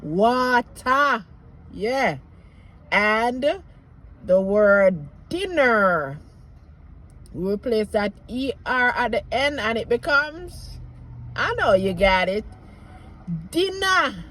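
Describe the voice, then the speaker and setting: A woman's voice: medium pitch, sing-song, a bit bright, low-quality recording. A woman with a Jamaican accent teaching word pronunciation in a casual lesson, stretching out each example word and adding playful asides. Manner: slow, drawn-out model words with playful asides. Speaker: language teacher.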